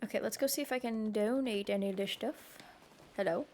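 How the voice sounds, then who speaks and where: A woman's voice: medium pitch, fairly quick, a little mellow, slight background noise. A young woman chatting casually on a live stream, rambling and easily sidetracked while she plays.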